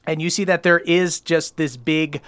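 Rambling game master narrating. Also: male voice, on the high side, steady tone, moderate pace, a bit bright, clear, resonant tone. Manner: loose, rambling description full of "like".

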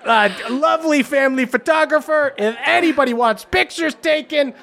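A man voicing a loud, gushing noblewoman who calls out to a crowd. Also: extremely high pitch, moderate pace, gravelly, pitched above the performer's own voice, exaggerated voice. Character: gushing, pushy older noblewoman.

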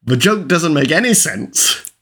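A man's voice: on the high side, sing-song, measured pace, pushed and bright, slightly rough. A man co-hosting a casual film-review podcast, chatting in an easygoing, agreeable way. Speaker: podcast co-host.

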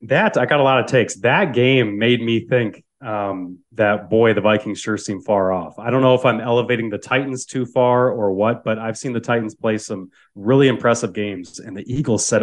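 A man's voice: lowish voice, moderate pace, few pauses. A man as a guest analyst, talking football in an enthusiastic, conversational way. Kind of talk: casual sports podcast chat.

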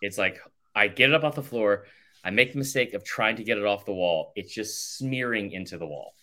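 A man's voice: fairly low pitch, brisk, pushed and bright. A male podcast co-host telling a rambling, sarcastic story in casual chat, saying "like" constantly. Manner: rambling, sarcastic, heavy use of "like".

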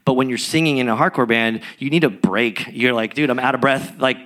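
A man, a musician guest, telling stories in a rambling, animated way with many restarts during a live podcast interview. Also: mid-range voice, brisk. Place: recording studio with live audience.

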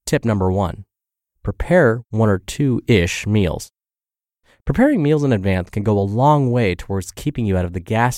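Low-voiced man reading a health podcast. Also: mellow, no room sound, clean studio sound. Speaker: podcast narrator. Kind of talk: reading a blog post aloud.

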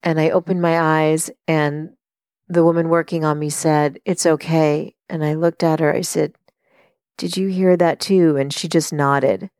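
A middle-aged woman hosting a podcast, telling a personal story in an earnest, reflective way, with many pauses and fillers. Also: deep voice, fairly even intonation, a little mellow, clean tone, dry recording, clean studio sound. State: tearful while telling a story. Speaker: podcast host and life coach.

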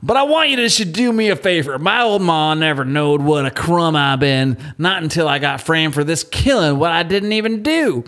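A man's voice: fairly high pitch, animated, normal speed, hardly any pauses, fairly bright tone. A man voicing a crude male convict with a put-on Southern US accent, reading a letter in a drawling voice. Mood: pleading.

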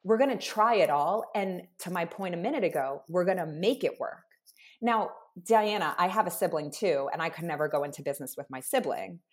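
A woman with a fairly low, brisk voice appears as a guest in a heartfelt conversational interview. She's a business co-founder who speaks earnestly and emphatically, building her points in long lists.

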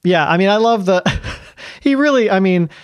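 A man's voice: high voice, lively intonation, moderate pace, no echo. A man hosting a podcast, chatting casually and laughing often as he leads the talk. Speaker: podcast host. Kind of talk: casual chat.

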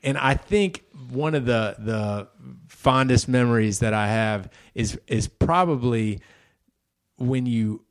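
A man co-hosting a casual podcast chat, reminiscing in a hesitant, halting way. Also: medium pitch. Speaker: podcast co-host.

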